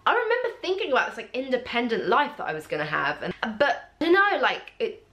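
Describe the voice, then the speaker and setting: Young woman, casual vlog storyteller, very lively pitch that jumps when she quotes people. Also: brisk. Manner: animated, acts out quotes in a jumpy high voice. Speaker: vlogger.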